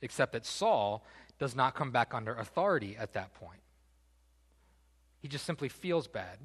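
Animated preacher in a reverberant hall. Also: male voice, mid-range voice, normal speed, husky. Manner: animated storytelling with casual asides. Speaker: pastor. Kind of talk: sermon.

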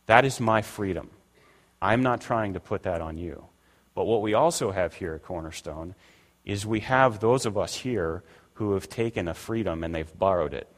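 An older pastor preaches a conversational sermon in a church sanctuary, voicing the people he quotes. His voice is low and his pace moderate, with the long reverb of a church hall around him.

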